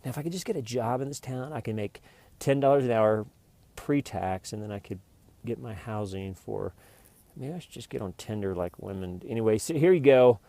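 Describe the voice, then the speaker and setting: A man's voice: on the low side, brisk, gravelly, mellow. A man hosting his own vlog, talking in a rambling, jokey, meandering way. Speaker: vlogger.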